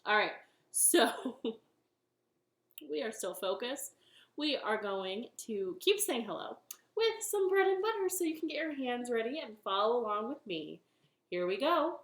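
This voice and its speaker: A woman's voice: fairly high pitch, animated, measured pace, slight background noise. A woman hosting a children's storytime from her living room, chatty and playful as she talks to young children. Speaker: library storytime host. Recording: roomy home recording with faint ukulele.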